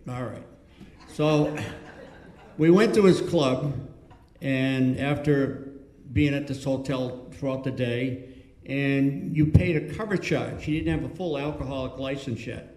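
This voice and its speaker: A man's voice: medium pitch, darkish tone. A man, a former teammate, telling a story to friends and acting out the lines he quotes. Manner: chatty, acts out quoted lines. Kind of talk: casual storytelling. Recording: echoey room.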